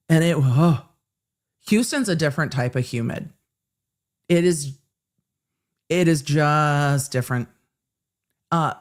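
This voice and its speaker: A woman's voice: rumbling low, a little mellow. A middle-aged woman hosting a livestream in a casual, rambling way, often restarting her sentences while she chats and reads viewer comments. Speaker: host.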